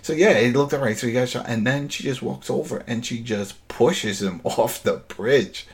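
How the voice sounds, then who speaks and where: A man hosting a casual chat, retelling a TV episode in an animated way and acting out the lines. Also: mid-range voice. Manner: animated storytelling, acting out scenes, quick laughs. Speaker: podcast host recapping a TV episode.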